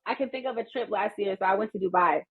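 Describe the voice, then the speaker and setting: An American woman in her thirties, a podcast guest telling stories in an animated, laughing way. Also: medium pitch, fast, phone-quality sound. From United States. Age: 30s. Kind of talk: casual storytelling chat.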